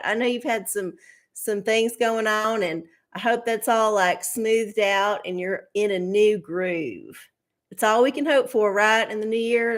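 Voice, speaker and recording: A woman hosting a live tarot stream, chatting casually with her viewers, swearing freely and laughing often, from her home setup under studio lights. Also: on the high side. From Texas.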